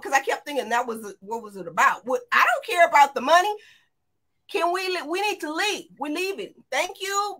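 A middle-aged woman with a high, bright, forceful voice tells her story as an interview guest. She talks in an animated, excited rush, breaking off and restarting her sentences. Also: normal speed. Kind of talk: emotional storytelling.

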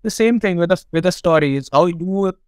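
This is a middle-aged man with an Indian English accent, telling stories on a podcast in a fairly high, smooth voice. He talks in an animated, irreverent way, swears freely and laughs often. The sound is dry and close. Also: brisk, no room sound, poor audio. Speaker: film director guest. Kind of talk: casual podcast storytelling.

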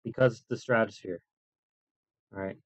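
Man, home host, relaxed goofy chatter, lav mic, dry, slightly muffled. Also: fairly low pitch, moderate pace, husky, dry recording. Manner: loose, joking, talks through each step. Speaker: host testing microphones. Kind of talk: casual chat. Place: home desk by a computer. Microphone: lavalier mic.

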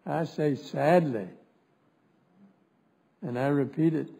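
A man's voice: fairly high pitch, expressive, takes it slowly, a little mellow, slightly rough. A frail man, chairing a hearing in a formal committee speech and repeating lines for emphasis. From West Virginia. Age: 90s. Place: Senate hearing room.

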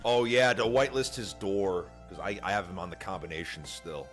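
A man's voice: low voice, brisk, a bit bright, faint music behind. A man chatting casually while playing a game with a friend, playful and teasing. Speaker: fellow player. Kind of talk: casual chat while gaming.

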